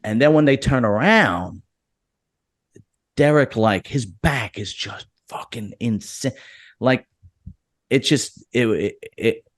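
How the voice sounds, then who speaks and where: In a lowish voice, a man hosts a casual podcast with a loose, locker-room feel, joking, swearing and restarting his sentences a lot. It's studio-quality audio with no room sound.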